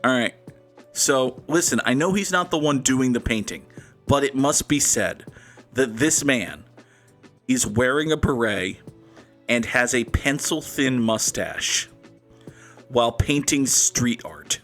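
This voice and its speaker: A gaming channel host talks through a guessing game in casual gameplay commentary that is sarcastic, rambling and self-mocking. His medium-pitched voice is expressive and fairly bright, and he takes it slowly. Faint music plays behind him.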